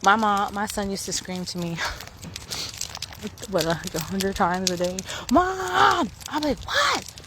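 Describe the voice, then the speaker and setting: A woman's voice: on the low side, steady tone, measured pace, pauses often. A woman in her thirties talking frankly and emphatically to camera while out on a morning walk, swearing freely. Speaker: vlogger. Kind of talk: casual rant to camera. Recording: noisy outdoor phone recording.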